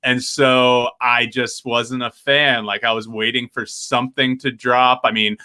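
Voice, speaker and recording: A man's voice: medium pitch, flat delivery, unhurried, sharp tone, clean tone. A man co-hosting a casual review podcast, giving blunt, laid-back opinions. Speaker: podcast co-host.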